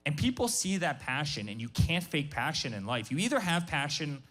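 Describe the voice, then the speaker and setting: A man's voice: a little high, big pitch swings, moderate pace, a bit bright, faint music behind. A man speaking as a guest business founder at a live workshop, emphatic and passionate, often repeating his words.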